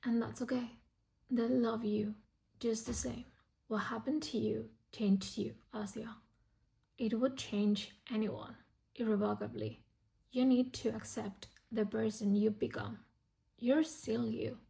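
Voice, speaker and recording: A woman reading aloud a tender, steady male romance hero's lines in a soft, low voice that drops partly into a whisper. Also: measured pace, gravelly. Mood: gentle.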